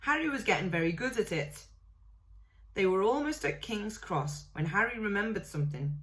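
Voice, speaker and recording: A woman reading a novel aloud in a steady way, now and then correcting a slip. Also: mid-range voice, normal speed. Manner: steady read-aloud with small self-corrections. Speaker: reader.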